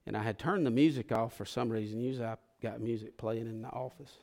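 A man preaching a sermon in an emotional, conversational way, moving from hushed confession to fervent pleas. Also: mid-range voice, fairly even intonation, fast. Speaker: pastor.

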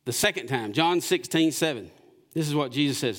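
A pastor delivering a sermon in church. His voice sits a bit high for a man and swings from loud declarations to hushed, close passages. He keeps the room engaged by asking rhetorical questions. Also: animated, normal speed.

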